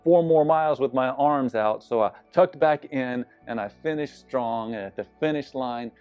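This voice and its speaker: A man's voice: mid-range voice, normal speed, no echo. A man preaching as a pastor, telling a personal story in an earnest, confessional way with some self-deprecating humor. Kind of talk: sermon-style personal storytelling. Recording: slightly dull sound with faint music behind.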